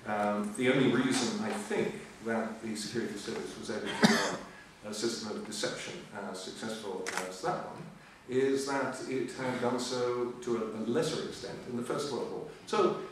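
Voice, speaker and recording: A man's voice: medium pitch, moderate pace, few pauses. An older man giving a history lecture, full of ums and uhs, with dry humour. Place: lecture hall. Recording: echoey hall, voice from far off, faint hiss.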